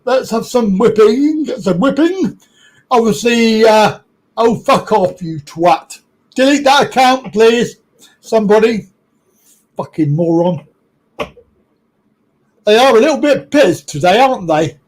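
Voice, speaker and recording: British guy on a live stream, highish voice, blunt and sweary. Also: big pitch swings, measured pace, long pauses, rough recording. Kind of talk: casual live chat.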